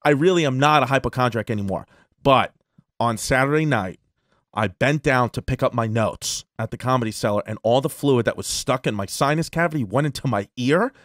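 A man co-hosting a crude comedy podcast, telling a rambling, animated story. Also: mid-range voice, fairly quick, no echo, studio quality. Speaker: podcast co-host.

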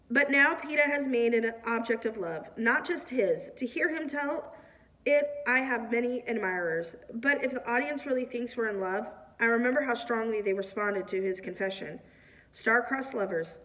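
A woman reading a novel aloud, in a plain, steady way with a few small slips. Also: fairly high pitch, far from the mic. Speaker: reader.

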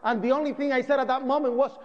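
A man's voice: extremely high pitch, steady tone, quick pace. A man giving an emotional first-person account to an audience, telling it with dramatic storytelling and a voice that climbs and cracks at the worst moments. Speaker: speaker giving a presentation. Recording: dull broadcast audio with long hall reverb.

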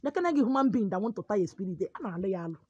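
A woman with a Nigerian Igbo accent gives a forceful, preachy monologue, switching between pidgin and Igbo. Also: mid-range voice, animated, racing, husky, dry recording, highs cut off. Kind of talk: animated monologue.

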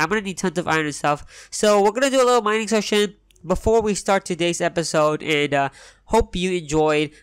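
A young man hosting a Minecraft let's play, talking in an excitable, rambling way. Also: high-pitched, clean tone, no room sound. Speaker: gaming channel host.

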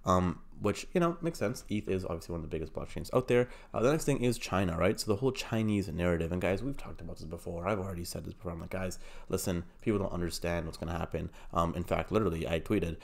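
A man's voice: deep voice, fast, gravelly. A man hosting a crypto channel, talking in a brash, profane, hyped-up way and putting on a mock accent. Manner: puts on an unnamed mock accent. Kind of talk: casual hype commentary.

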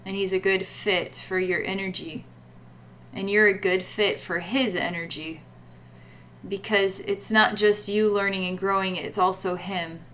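A woman's voice: mid-range voice, steady tone, measured pace, a bit bright, slight background noise. A woman giving a guided psychic reading in a rambling way, full of fillers and repeated words. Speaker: psychic reader.

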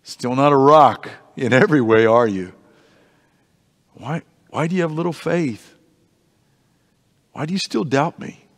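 A man doing a gently chiding Jesus. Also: medium pitch, a little slow, long pauses, big-room sound. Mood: gently teasing. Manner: reproachful, then softly teasing.

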